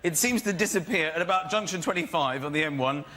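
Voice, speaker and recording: Male comedian from the south of England, high voice, halting delivery. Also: sharp tone. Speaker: comedian panelist. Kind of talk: stand-up routine. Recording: noisy studio.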